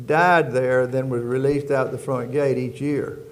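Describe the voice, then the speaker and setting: A man's voice: mid-range voice, fairly even intonation, a little slow. An older man from Louisiana with a rural Southern accent, telling stories as an interview guest in a folksy, rambling way, often circling back with "anyway.". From Louisiana, United States. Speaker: guest, former prison warden. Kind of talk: storytelling interview.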